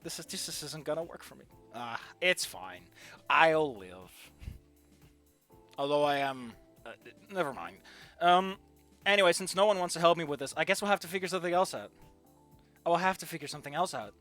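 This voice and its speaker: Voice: mid-range voice, lively intonation, brisk, pauses often. A streamer who did not grow up speaking English, chatting and joking self-deprecatingly over a game, with faint music behind. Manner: chatty, jokey, self-deprecating, swings between loud outbursts and mumbling.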